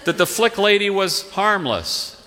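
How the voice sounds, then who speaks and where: Wry male storyteller, bright voice. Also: high-pitched, sing-song. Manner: wry, unhurried, playful emphasis. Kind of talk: live humorous storytelling. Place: theatre stage with live audience. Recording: long hall reverb, live stage.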